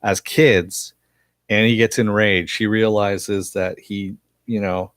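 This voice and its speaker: Man, low voice, dry close sound, casual episode recap, lots of fillers. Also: steady tone, slow pace, fairly bright tone, dry recording. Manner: rambling with frequent fillers and chuckles; reads viewer chat aloud. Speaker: TV episode reviewer.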